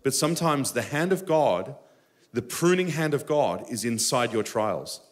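A man preaching a live sermon in a church sanctuary. His voice sits at an ordinary middle pitch. He is impassioned, surging into emphatic high bursts before dropping back to quiet storytelling. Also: expressive, a little slow.

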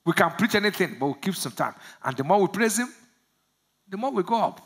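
A pastor from Nigeria preaching a sermon, asking the congregation to finish his lines and swinging from low murmurs to loud shouts. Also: animated, fairly quick, slightly rough. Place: church service.

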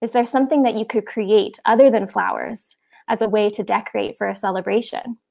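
A woman voicing a kind young girl who calms conflicts, speaking gently and reassuringly. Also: mid-range voice, brisk, gravelly. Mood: gentle.

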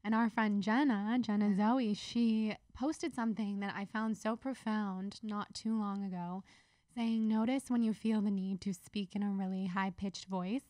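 A woman's voice: medium pitch, steady tone, measured pace, warm tone, dry recording. Woman on a podcast, thoughtful and earnest, bit of valley girl in it, dry close mic. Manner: reflective, earnest, some Valley Girl lilt. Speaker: podcast guest. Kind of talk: casual chat.

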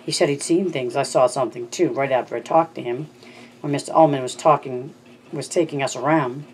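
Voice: mid-range voice, darkish tone, slight background noise, natural voice. Narrator doing a frightened small boy. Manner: blurting, halting, stumbling over words.

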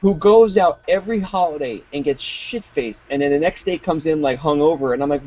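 A man's voice: fairly high pitch, a little fast, hardly any pauses, no echo. A man ranting and swearing in a casual live chat over a video call. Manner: profane, ranting, animated. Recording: muffled online call audio.

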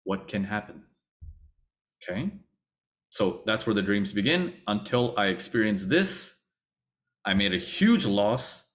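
A man's voice: lowish voice, unhurried. A man teaching a trading webinar, telling his own story with acted-out thoughts and repeated phrases. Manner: animated storytelling, acts out his past thoughts. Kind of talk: webinar lecture.

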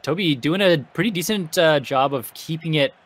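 A man's voice: on the high side, normal speed, fairly bright tone. A man with a Canadian accent hosting an online esports broadcast, chatting casually with many fillers and restarts. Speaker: esports host. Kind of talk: casual game commentary.

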